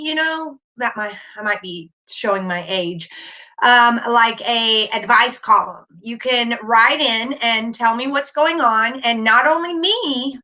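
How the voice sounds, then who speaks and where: A middle-aged woman hosting a casual livestream, talking warmly and reassuringly while reading chat comments aloud. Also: a little high. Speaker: livestream host.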